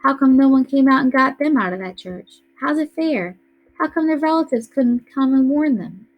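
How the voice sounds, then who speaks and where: A woman's voice: high voice, lively intonation, moderate pace, highs cut off, voice pushed up. A woman reading aloud voices an anxious young boy who pleads and protests in distress. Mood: protesting. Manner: pleading, upset.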